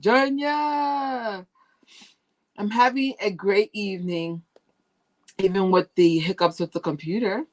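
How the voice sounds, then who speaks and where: A woman hosting a casual fan news livestream, chatty and animated, laughing often, recorded on a tablet's built-in mic. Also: mid-range voice, takes it slowly, pauses often. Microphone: tablet used as camera.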